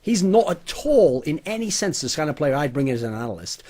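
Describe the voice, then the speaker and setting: A man's voice: on the high side, very animated, fairly quick, darkish tone. A man co-hosting a podcast, giving candid, opinionated esports commentary. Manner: opinionated, candid, sarcastic asides. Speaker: podcast co-host. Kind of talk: casual esports commentary chat.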